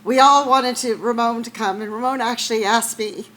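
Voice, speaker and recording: A woman's voice: on the high side, normal speed, fairly bright tone, slight background noise, rough recording. A woman math teacher giving an emotional award ceremony speech, laughing and close to tears. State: tearful.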